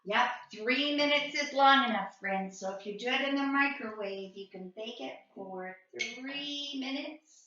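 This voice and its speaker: Bright-voiced woman teaching young children. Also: a little high, unhurried, few pauses. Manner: gentle, encouraging, speaks directly to children. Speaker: preschool teacher. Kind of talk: cooking lesson for young children. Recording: echoey room, slightly dull lo-fi sound.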